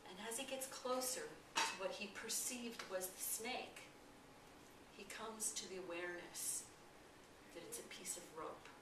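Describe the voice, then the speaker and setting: A woman spiritual teacher telling a parable as a lesson, asking her listeners gentle questions and sometimes dropping to a hush. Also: medium pitch, a little slow. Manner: gentle, questioning, at times hushed. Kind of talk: storytelling lesson. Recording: echoey room, distant mic, noisy.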